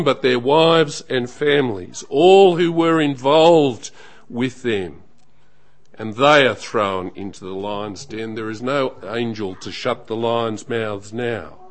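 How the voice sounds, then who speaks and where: A man preaching a sermon in a measured, emphatic way, letting phrases trail off softly at the end. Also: mid-range voice.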